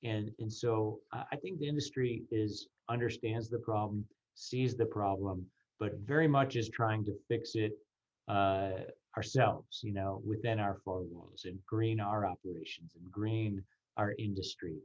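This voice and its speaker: A man's voice: fairly low pitch, a little slow, lo-fi sound. A man who runs a ski area, speaking thoughtfully in a panel discussion and often repeating words.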